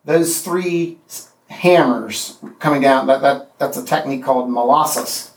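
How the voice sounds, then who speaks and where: A man teaching a poetry class, speaking haltingly with restarts and counting out the beats of meters. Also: medium pitch, slight background noise. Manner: halting, many restarts and fillers, counts out rhythms. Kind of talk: classroom lecture. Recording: echoey room from far off.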